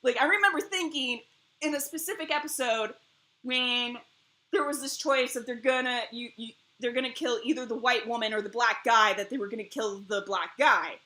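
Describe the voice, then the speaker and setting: A woman streamer in casual chat, animated and rambling, laughing often between thoughts. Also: a little high, normal speed. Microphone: streaming mic.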